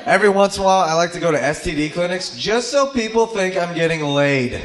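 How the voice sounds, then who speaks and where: A male stand-up comedian on a club stage, delivering deadpan one-liners with small dry asides. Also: high voice, fast talker. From Austin, Texas. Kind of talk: stand-up set. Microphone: handheld stage mic. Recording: echoey club with crowd laughter.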